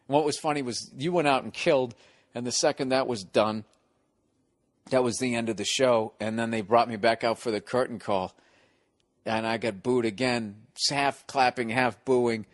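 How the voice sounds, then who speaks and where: A man's voice: mid-range voice, normal speed, no room sound, clean studio sound. A man hosting a podcast, telling stories in casual, profane chat and acting out the people in them. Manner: profane, animated, acts out voices in stories. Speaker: podcast host.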